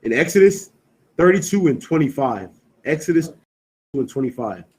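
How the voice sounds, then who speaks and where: A man's voice: on the high side, very animated, normal speed, darkish tone, low-quality recording. A man teaching a scripture class, firing questions back at his students and stressing key words in a call-and-response style. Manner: quizzing students with repeated questions, emphatic; peppers talk with "you know what I'm saying".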